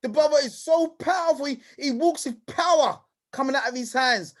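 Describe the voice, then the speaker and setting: High-voiced energetic male event host. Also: moderate pace. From United Kingdom. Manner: energetic hype, repeats "brother" and "King". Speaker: host and presenter. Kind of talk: lively live online event hosting.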